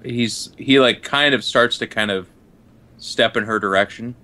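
A man playing a tabletop game, describing his character in halting, stammering bursts with swearing. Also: medium pitch, sharp tone. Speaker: player.

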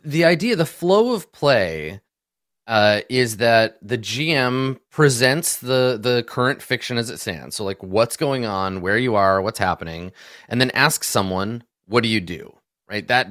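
A man explains the rules of a tabletop game in a relaxed, conversational way, patiently building up examples one step at a time. His voice sits in a middle register and is recorded close and dry, with almost no room sound. He talks like someone who knows the game well. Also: mid-range voice, no echo. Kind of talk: casual explanatory chat.

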